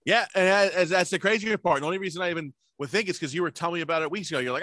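A man co-hosting a podcast, telling stories in casual chat with lots of swearing, jumping his voice up high when he acts out what people said. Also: rapid-fire, pushed and bright, dry recording, clean studio sound. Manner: profane storytelling, acts out quoted people in a raised voice. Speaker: podcast co-host.

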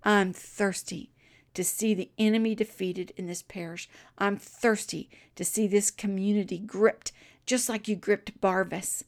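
A preacher acting out a fervent old blacksmith's loud prayer. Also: male voice, fairly even intonation, measured pace. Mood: yearning. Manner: loud, pleading, raised high.

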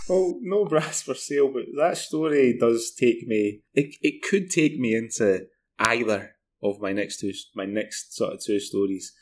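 A man's voice: mid-range voice, animated, a little slow. A Scottish man co-hosting a podcast, chatting casually and rambling through news stories with restarts. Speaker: podcast co-host. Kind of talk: casual chat.

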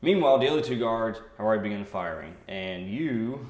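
A man's voice: on the low side, animated, a little fast, darkish tone. A man running a tabletop game as game master, narrating the action with laughs and sound effects. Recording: roomy with faint noise.

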